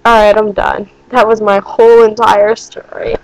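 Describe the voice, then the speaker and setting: A woman's voice: medium pitch, fairly even intonation, no room sound, rough recording. Rambling young woman vlogger, swearing. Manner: rambling and swearing, quick bursts of disbelief. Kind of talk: casual storytime monologue.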